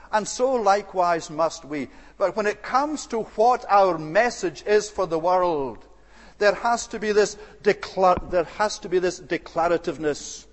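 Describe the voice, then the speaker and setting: A male preacher delivering a sermon in an earnest, deliberate way, with hesitant fillers now and then. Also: high-pitched, long reverb tail.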